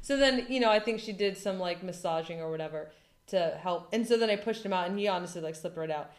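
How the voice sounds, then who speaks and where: Woman in her 30s chatting, super animated story, lots of likes, echoey room. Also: lowish voice, quick pace. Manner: animated, dramatic retelling with lots of "like". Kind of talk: casual storytelling chat.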